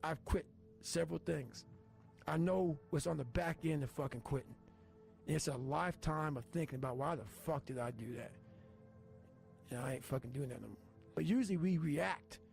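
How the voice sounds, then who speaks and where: A man with a gravelly, fairly high voice delivers an intense, blunt motivational speech full of profanity. Steady motivational music plays clearly underneath him. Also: a little fast. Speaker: motivational speaker. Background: motivational background music.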